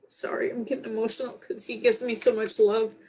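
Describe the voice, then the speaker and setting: A woman hosting a livestream as a spiritual medium, talking in a soft, heartfelt, halting way. She sounds tired. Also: fairly high pitch, level tone, rough recording. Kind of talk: casual livestream talk.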